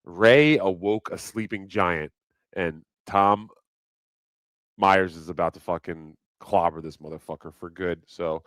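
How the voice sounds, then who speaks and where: A man's voice: low voice, a little slow, a bit bright, no echo. A man hosting a live stream, chatting casually in a rambling, profane, joking way. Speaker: livestream host. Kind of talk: casual livestream chat.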